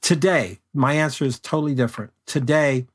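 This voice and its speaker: Older male guest, mid-pitched voice, easygoing anecdotal delivery, casual interview. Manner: unhurried anecdotal storyteller. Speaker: guest photographer.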